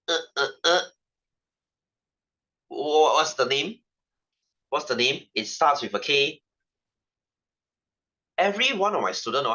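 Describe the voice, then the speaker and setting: A man's voice: medium pitch, pushed and bright, muffled recording. A young man with a Malaysian English accent teaching a casual science lesson, chatty and joking, with constant "right?" asides. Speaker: science tutor.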